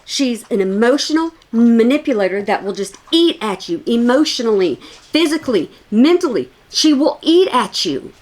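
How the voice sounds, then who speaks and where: A woman's voice: a little high, big pitch swings, moderate pace, darkish tone. Emphatic, scornful woman commentator. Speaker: commentary YouTuber. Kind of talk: reaction commentary on video clips.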